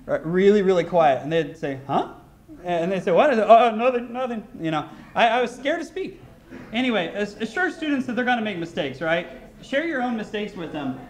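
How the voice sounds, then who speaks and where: A man's voice: sits high, very animated, brisk, echoey room. An American man giving a casual, anecdote-filled keynote speech at a conference, often restarting sentences and using fillers. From United States. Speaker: keynote speaker. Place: large conference hall.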